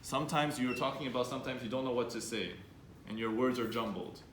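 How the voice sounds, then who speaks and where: A man leads a lively student workshop, quizzing and encouraging the room. His voice sits in a middle register and bounces around a reverberant hall. A faint hum of the room lingers behind him. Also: medium pitch, fast talker. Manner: upbeat, coaxing audience with questions. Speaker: workshop speaker. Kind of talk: interactive workshop talk. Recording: echoey room, faint background noise.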